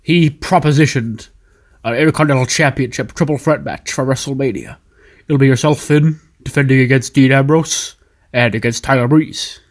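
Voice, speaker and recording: A blustering older boss of a wrestling company barks demands and threats, as a man acts him out. He talks in a bossy, pushy manner, with his pitch jumping up when he presses. It's a casual game-recap voice. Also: normal speed, close to an everyday voice. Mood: pompous.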